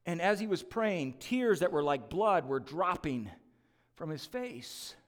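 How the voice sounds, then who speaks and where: A man's voice: a little high, sing-song, unhurried, in a large hall. A man preaching a sermon as lead pastor, conversational and emphatic, with joking asides to the church.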